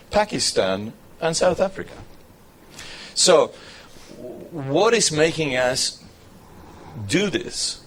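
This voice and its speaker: A male university lecturer with an Argentine Spanish accent, a native Spanish speaker, giving a live public lecture in English with animated storytelling and frequent restarts. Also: mid-range voice, slight background noise.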